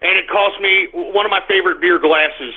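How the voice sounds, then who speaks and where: A man's voice: high voice, brisk, husky. A male talk radio host, exasperated and swearing, rambling with restarts through a live on-air rant from his office. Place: home office. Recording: tinny phone-like radio stream.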